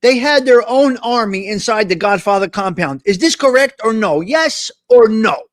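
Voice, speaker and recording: A man's voice: high voice, normal speed. A man hosting a live stream, ranting in casual, profane chatter. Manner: profane, excitable rants. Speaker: host.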